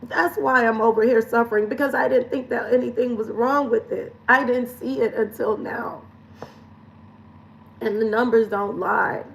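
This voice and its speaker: A woman's voice: on the high side, steady tone, normal speed, creaky, distant mic, low-quality recording. Earnest, emotional woman coach. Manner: emotional and earnest, repeats phrases for emphasis; laughs between phrases. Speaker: lifestyle coach. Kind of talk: candid confessional vlog.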